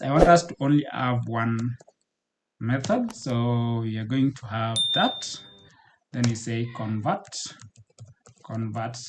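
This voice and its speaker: A man giving a screen-recorded coding walkthrough as a programming tutor, often repeating words and pausing with fillers as he types. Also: medium pitch, a little mellow, a little hiss or hum. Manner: halting, repeats words while typing, frequent fillers.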